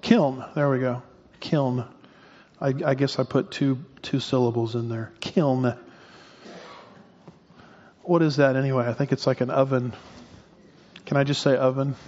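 A man's voice: medium pitch, fairly even intonation, moderate pace, darkish tone. A man preaching a verse-by-verse sermon as pastor, folksy and joking with his congregation, sometimes stumbling over a word. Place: church sanctuary. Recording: dull sound with long hall reverb.

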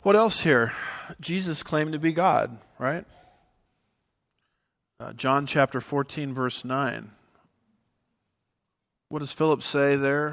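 Preacher, male, mid-pitched, emphatic teaching delivery, slightly dull recording. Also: slow pace, gravelly, pauses often. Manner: animated, emphatic teaching with scripture references. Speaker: pastor. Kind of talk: sermon.

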